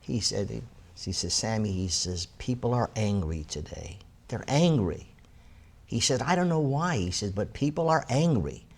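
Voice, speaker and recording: Male talk show host, lowish voice, casual, halting delivery with restarts. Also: expressive, vocal fry, a little mellow, slightly rough. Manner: halting, restarts and repeats words, conversational. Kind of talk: interview conversation.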